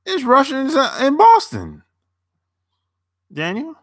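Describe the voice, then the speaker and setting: A man's voice: very high-pitched, wildly swooping pitch, slow, no echo, clean studio sound. A young man chatting loosely on a live stream, answering viewers as a dating coach, rambling and repeating himself with casual swearing.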